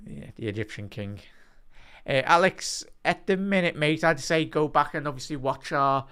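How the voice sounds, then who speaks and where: Excitable young football host. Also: male voice, a little high, moderate pace, clear, resonant tone. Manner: excitable, bursts into loud rising commentary during attacks; chatty, addresses the live chat by name. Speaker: watch-along host. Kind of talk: live match watch-along commentary and chat.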